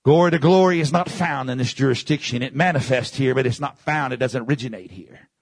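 A man preaching a sermon with a gravelly, husky voice pitched a little high. He repeats phrases for emphasis and swings from shouted peaks down to low, quiet passages. The sound is dry and close. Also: brisk, dry recording.

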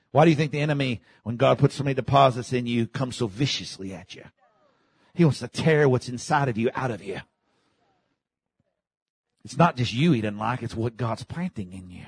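A man preaching a sermon, dropping to low murmurs and rising to shouted peaks, leading the congregation in call and response. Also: normal speed, breathy edge, no room sound. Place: church.

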